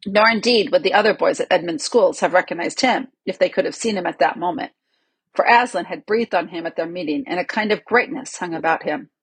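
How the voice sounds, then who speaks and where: A woman narrating a storybook chapter in a steady, even reading style. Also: on the low side, a little fast, breathy edge, no room sound, low-quality recording. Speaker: audiobook narrator.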